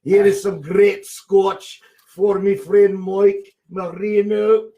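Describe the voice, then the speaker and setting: A man's voice: high-pitched, level tone, takes it slowly, warm tone, recorded from a distance, voice pushed up. A man putting on an exaggerated Scottish voice with rolled R's, playful and hammy. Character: man faking a Scottish brogue, rolling R's.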